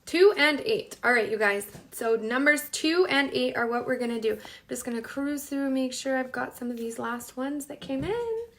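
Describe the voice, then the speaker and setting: A woman's voice: high-pitched, expressive, normal speed, hardly any pauses, a bit bright. A woman hosting a live cooking stream from her home kitchen, chatting casually, reading out viewers' names and talking to herself as she cooks.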